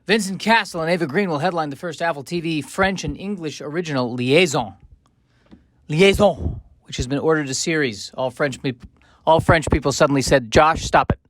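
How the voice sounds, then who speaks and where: A man hosts a comedic podcast, his voice sitting a touch higher than most men's. He rambles from joke to joke with wry, self-deprecating asides. The sound is close and dry, with no room echo. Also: a little fast, fairly bright tone. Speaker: podcast host.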